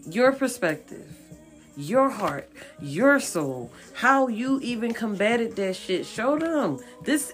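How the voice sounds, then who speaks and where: Slow, emphatic woman giving a reading. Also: on the high side. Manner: emphatic, repetitive, blunt and profane; coaxing and encouraging. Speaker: tarot card reader. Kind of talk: casual spiritual reading to viewers.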